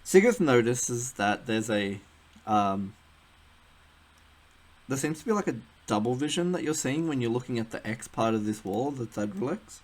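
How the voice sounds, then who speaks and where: A man's voice: medium pitch, expressive, normal speed. A man narrating a tabletop game as game master, rambling with lots of fillers and a giggly manner.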